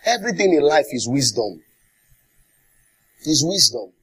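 Nigerian male pastor, emphatic sermon delivery, husky and a little high-pitched. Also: very animated, unhurried, fairly bright tone. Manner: emphatic preaching with call-and-response and acted quotes.

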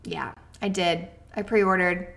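A card game podcast co-host chats casually, bubbly and full of "like" and "um," with a touch of hiccups. Her fairly low, slightly bright voice is slow, creaky, and fairly even in intonation.

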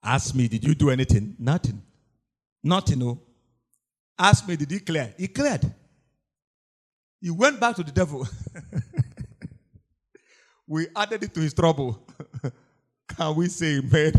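A man's voice: on the high side, unhurried, long pauses. A man preaching a sermon, repeating lines and laughing often as he tells his stories. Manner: animated preaching with frequent laughter and repetition.

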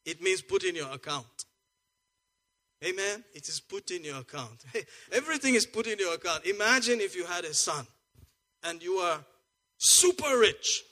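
A male pastor preaching a lively, joking sermon, swinging from soft asides to loud exclamations. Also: high voice, moderate pace.

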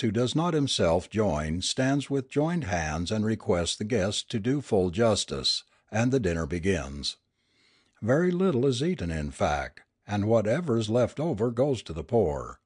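A man reading a ghost story aloud, telling it in a measured way with expressive swings. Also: on the low side, breathy edge, no room sound, studio quality. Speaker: audiobook reader.

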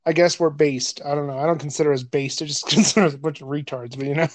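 A man's voice: a little high, fairly even intonation, fast talker, no room sound. A man co-hosting a podcast in casual chat, blunt and profane, laughing often. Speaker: podcast co-host.

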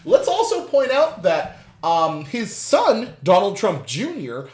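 Quiz host, casual chat, laughs often, swears, very lively pitch, echoey room. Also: slow. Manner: laughs often, swears, loud dismayed reactions. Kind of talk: casual quiz chat, reading questions aloud. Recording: roomy echo.

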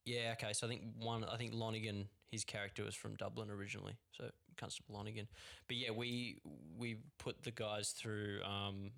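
A man's voice: fairly low pitch, little pitch movement, a little fast, vocal fry, hardly any pauses, fairly bright tone. A young man, a film director, chatting in a laid-back way and agreeing often. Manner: laid-back, lots of yeps. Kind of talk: casual chat.

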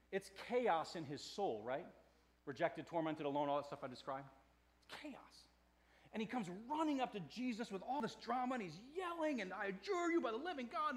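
High-voiced preaching man, hushed to loud. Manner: dynamic preaching that swings between hushed and loud; conversational with fillers and restarts. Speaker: pastor. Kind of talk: sermon.

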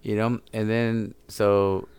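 A man's voice: fairly low pitch, little pitch movement, takes it slowly, a little mellow, clean tone, no echo. A man chatting as a podcast guest, rambling and swearing freely as he tells stories, full of fillers. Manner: rambling, profane storytelling with many fillers. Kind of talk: casual podcast chat.

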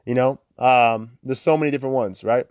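A man's voice: medium pitch, brisk, darkish tone, dry recording, studio quality. A young man hosting a podcast in a chatty, upbeat way, laughing often and filling with "like". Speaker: podcast host. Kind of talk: casual motivational talk.

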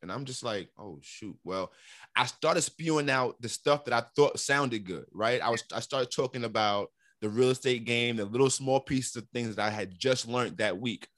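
A middle-aged man from New York telling his story in a casual interview, animated and repeating words as he acts out what others said. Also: mid-range voice, moderate pace, no room sound, clean studio sound. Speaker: interview guest.

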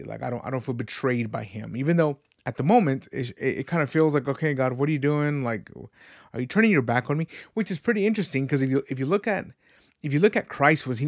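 A man in his thirties hosts a casual podcast about faith and life. His gravelly voice sits at a middle pitch. He talks earnestly and rambles, often repeating words before finishing a thought, and the recording sounds close and dry. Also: no room sound. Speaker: podcast host. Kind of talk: casual reflective faith talk.

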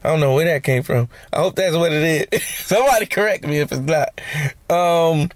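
Male podcast host, casual scripture teacher with a joking edge, slightly high voice, close and dry. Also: normal speed, no echo. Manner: conversational, slangy, joking asides.

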